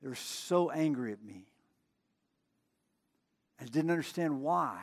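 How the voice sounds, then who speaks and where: High-voiced man preaching in a hall. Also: lively intonation, unhurried, creaky. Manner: conversational, with emphatic repetition and storytelling asides. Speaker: pastor. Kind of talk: sermon.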